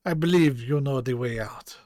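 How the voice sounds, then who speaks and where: A man's voice: mid-range voice, normal speed, darkish tone, no echo, studio quality, lightly acted. A man voicing a cold, dismissive male scientist in a fake, hammy German-ish accent, clipped and curt.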